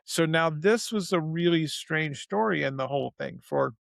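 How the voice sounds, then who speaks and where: Gravelly-voiced man telling his story. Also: a little high, no room sound. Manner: animated storyteller, speeds up and slows down. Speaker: interview guest. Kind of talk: personal storytelling in conversation.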